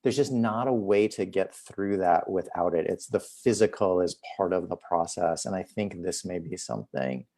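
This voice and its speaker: A physician and host talking casually on a video call, telling stories with lots of filler words. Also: male voice, low voice, normal speed, few pauses, mellow. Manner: chatty, many "like" fillers. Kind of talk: casual conversational storytelling.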